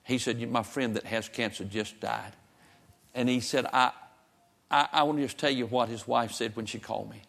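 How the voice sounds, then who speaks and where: Gravelly preacher man. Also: mid-range voice, fairly even intonation, moderate pace, a bit bright. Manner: folksy, fervent, rising to emphatic. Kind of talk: sermon with storytelling.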